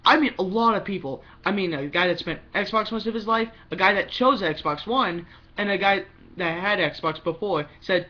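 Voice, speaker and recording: A man's voice: sits high, bright, forceful tone, lo-fi sound. A young man giving a rambling opinion vlog about games, often stopping to restart his sentences. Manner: rambling, restarts often, talks fast in bursts. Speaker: gaming vlogger.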